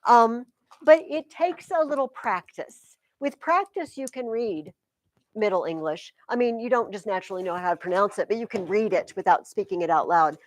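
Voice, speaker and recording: A woman teaching a high school English class, explaining poetry in a chatty, lively way. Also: normal speed. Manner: chatty, explains with sing-song rhythm examples. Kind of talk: classroom lecture.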